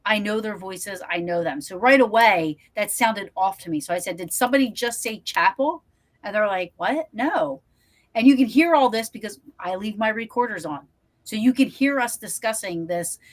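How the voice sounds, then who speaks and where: A woman who investigates the paranormal, telling stories in an animated way and acting out quotes in a casual podcast chat. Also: mid-range voice, moderate pace.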